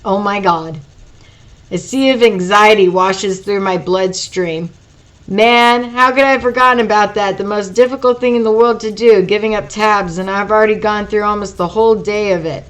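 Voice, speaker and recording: A woman's voice: mid-range voice, moderate pace, poor audio. A woman reading a first-person audiobook aloud, with profane, wry, casual asides. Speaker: audiobook reader.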